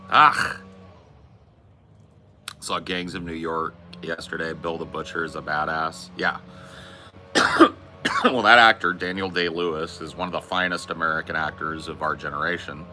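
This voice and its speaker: This podcast host has an extremely low voice with a steady, sharp tone at normal speed. He rambles through casual chat, swearing plenty and giving blunt movie opinions, with a little hiss or hum on the recording.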